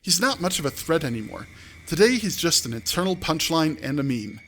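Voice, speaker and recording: A man's voice: fairly high pitch, big pitch swings, fairly quick, a bit bright, a little hiss or hum. A man streaming live, reading out a text adventure and breaking off with offhand asides. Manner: reads aloud with offhand asides. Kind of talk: live-streamed game narration.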